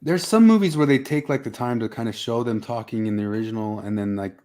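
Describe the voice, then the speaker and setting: A man's voice: mid-range voice, fast, a little mellow. A man chatting casually as a podcast host, rambling with many fillers and restarts. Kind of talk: casual chat.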